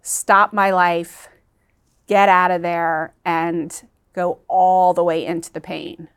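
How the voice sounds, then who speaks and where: A woman's voice: lowish voice, level tone, slow, clear, resonant tone. A woman guest in an interview, telling a personal story in an earnest, emotional way that halts at times.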